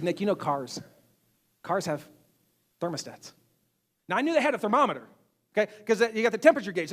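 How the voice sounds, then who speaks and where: A male pastor preaching a sermon to a church congregation, animated, swinging between loud emphasis and quiet asides. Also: high-pitched. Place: church sanctuary.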